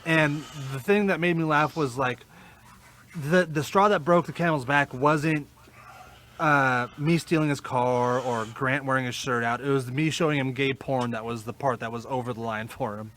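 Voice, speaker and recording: A man's voice: mid-range voice, fairly even intonation, normal speed, a bit bright, a little hiss or hum. A man co-hosting a podcast, telling a rowdy story in casual chat, swearing and laughing as he goes. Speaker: podcast co-host.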